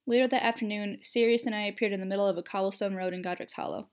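A woman narrating a story in the first person, with an expressive, even reading. Her voice sits at an ordinary middle pitch. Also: rapid-fire.

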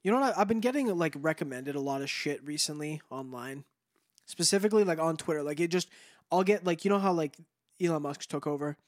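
A man's voice: fairly high pitch, animated, brisk, no room sound, clean studio sound. A man co-hosting a podcast in casual chat, rambling with lots of fillers and swearing. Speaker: podcast co-host.

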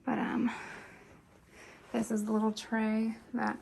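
A young woman in a soft, chatty, giggly whisper, giving an ASMR house tour of her home. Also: a little high, slow, vocal fry, long pauses. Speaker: ASMR creator. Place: home, indoors. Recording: steady background hiss with clicks.

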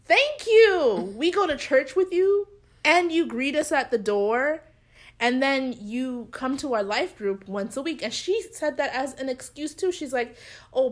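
A woman's voice: a little high, a little slow. A young woman chatting casually as a podcast co-host, telling a story and acting out the people in it. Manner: animated storyteller, acts out quoted people. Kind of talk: casual chat.

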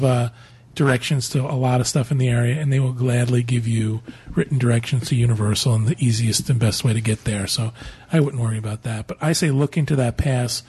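A man's voice: medium pitch, steady tone, fairly quick, darkish tone, husky. A man co-hosting a podcast, reading listener email aloud in a casual, joking way. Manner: joking, laughs often. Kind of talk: casual chat.

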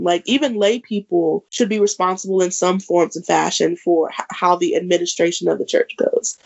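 A woman's voice: medium pitch, a little mellow, lo-fi sound. A woman co-hosting a casual church-talk podcast, talking freely with lots of "like" and "um". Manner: talkative, frequent "like" and "um" fillers. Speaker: podcast co-host.

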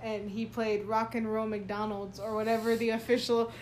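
Giggly, fairly high-voiced woman chatting. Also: level tone, normal speed, darkish tone, slight background noise. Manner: giggly, rambling storyteller. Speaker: podcast co-host, band student. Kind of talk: casual chat.

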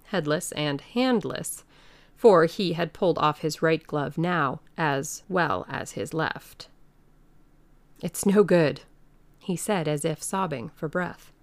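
A woman reading a classic novel aloud in a measured storytelling manner. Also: on the low side. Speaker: audiobook reader. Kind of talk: scripted narration.

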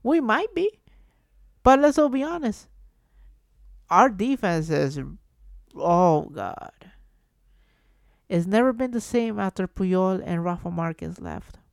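A man's voice: high voice, expressive, slow, gravelly, long pauses, clean tone, no echo, studio quality. A man vlogging as a football fan, ranting with passion and exasperation, swearing freely and repeating himself for emphasis. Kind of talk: emotional fan rant to camera.

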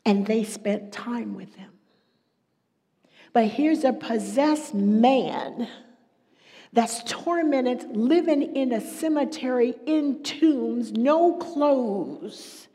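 A middle-aged woman preaching a sermon, moving between hushed whispers and loud, emphatic passages. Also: fairly high pitch, drawn-out words. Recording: long echoey hall reverb.

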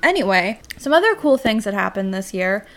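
A young woman co-hosting a podcast in loose, animated banter. She swears casually and laughs often, with a medium pitch. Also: a little fast. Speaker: podcast co-host. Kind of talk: casual chat.

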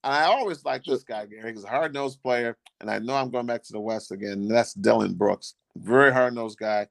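A man co-hosting a podcast, talking casually about basketball in a rambling, halting way with many restarts. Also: mid-range voice, gravelly, dry recording. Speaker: podcast co-host. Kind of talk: casual sports chat.

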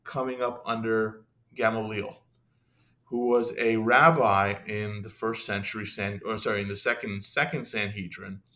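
A young man, a podcast guest, talking in an animated, casual way, with many restarts and asides. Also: medium pitch. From Iran. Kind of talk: casual conversational discussion.

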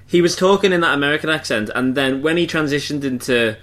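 A man hosting a film podcast, animated and opinionated as he steers the conversation. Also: fairly high pitch, fast. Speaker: film review podcast host. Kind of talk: casual chat.

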